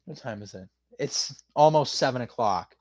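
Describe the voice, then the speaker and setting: A man's voice: medium pitch, animated, normal speed, a little hiss or hum. A man streaming casually, loosely freestyle rapping and answering chat with lots of rambling fillers.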